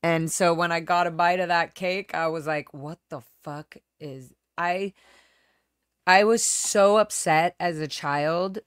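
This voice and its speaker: Smooth-voiced woman rambling candidly. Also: on the low side, fairly even intonation, measured pace, dry recording, studio quality. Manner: rambling, candid, trails off and restarts. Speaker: livestream host. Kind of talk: casual personal storytelling.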